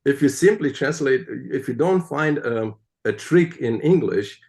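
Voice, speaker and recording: A man being interviewed, explaining at length in an animated, emphatic way and often checking in with "right?". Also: mid-range voice, measured pace, gravelly. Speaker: guest, translator of the Psalms. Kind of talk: conversational interview.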